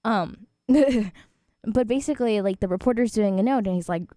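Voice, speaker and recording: A woman's voice: mid-range voice, moderate pace, dark tone, no room sound, clean studio sound. A twenty-year-old woman hosting a student radio show, chatting casually and rambling with frequent laughs. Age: 20s.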